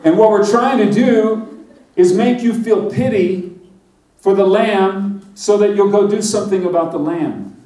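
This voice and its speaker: A man preaching a sermon, his mellow, slightly higher voice carrying across a large, echoing hall. He speaks conversationally, putting questions to the congregation and acting out little quotes. The mic sits some distance from him. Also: a little slow. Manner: conversational, asks the crowd questions, acts out short quotes. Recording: roomy echo, voice from a distance.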